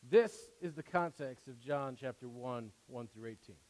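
A man preaching a sermon as pastor, earnest, with emphatic rises and quieter asides. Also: mid-range voice, moderate pace. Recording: long hall reverb.

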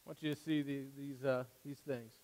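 A man's voice: mid-range voice, flat delivery, brisk. Earnest male pastor in a reverberant hall. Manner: earnest preaching with emphatic rises and quiet asides. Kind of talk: sermon.

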